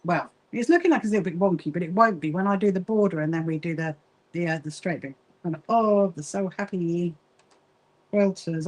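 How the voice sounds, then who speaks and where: A woman's voice: mid-range voice, mellow, poor audio. Chatty woman livestreaming while sewing. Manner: chatty, easily distracted, greets viewers by name. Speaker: livestream host, quilting association founder.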